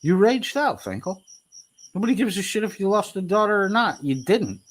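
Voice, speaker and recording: A man's voice: high voice, sing-song, moderate pace. A man commentating heatedly over replayed clips, mocking and taunting in a profane way. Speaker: streamer reacting to clips.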